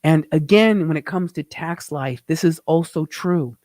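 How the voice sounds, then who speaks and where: Host, man, a touch high, dry close sound, earnest and reflective talk over his photos. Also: darkish tone, no echo. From Phoenix, Arizona. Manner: reflective, earnest, halting with fillers. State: getting emotional. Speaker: host, tax teacher. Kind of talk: live-show narration over travel photos.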